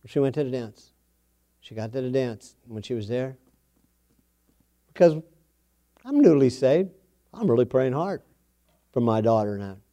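Folksy storytelling preacher, mellow man. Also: mid-range voice, expressive, unhurried, long pauses. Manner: folksy storytelling, repeats phrases for emphasis. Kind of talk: sermon.

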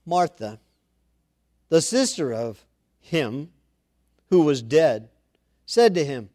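A man's voice: medium pitch, animated, slow, long pauses, mellow, dry recording, clean studio sound. A man preaching an informal Bible-study sermon, reading scripture aloud and then commenting in a chatty way with asides.

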